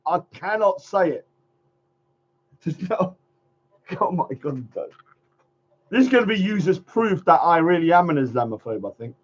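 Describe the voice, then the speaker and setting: Rambling high-voiced man on a lo-fi stream. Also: lively intonation, measured pace, long pauses. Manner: rambling, laughs often, trails off mid-sentence. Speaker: livestream host. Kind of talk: casual livestream chat. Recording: dull lo-fi stream audio.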